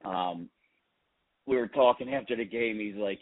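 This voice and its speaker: Man, very low voice, casual joking chat, phone-like sound. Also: moderate pace. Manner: joking, self-deprecating.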